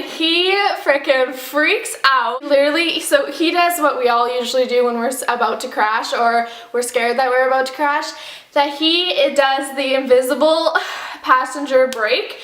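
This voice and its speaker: A young woman telling a dramatic storytime vlog, acting out the quotes with animated flair. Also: high voice, echoey room. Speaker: vlogger.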